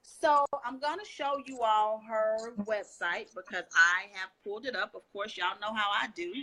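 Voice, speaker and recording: A woman's voice: medium pitch, moderate pace, pushed and bright. A woman hosting a casual online interview, chatty and upbeat. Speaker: host.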